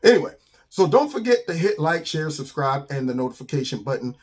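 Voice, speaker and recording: A man hosting his own channel, telling a children's story in a casual, slangy, animated way. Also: fairly high pitch, brisk.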